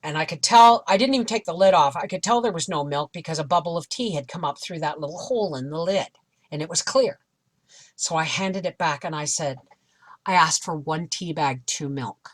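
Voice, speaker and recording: A woman's voice: fairly low pitch, a little fast. A middle-aged woman vlogger animatedly retelling a frustrating experience in a casual storytelling way. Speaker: homestead vlogger.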